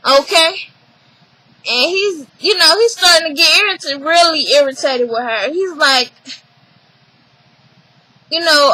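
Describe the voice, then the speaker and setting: A young woman talks through a reality show episode in a casual vlog, high in pitch and unhurried. She acts out what others said with animated emphasis, and her voice is bright and close to the mic in a dry room. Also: no room sound, rough recording. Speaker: reality TV recapper.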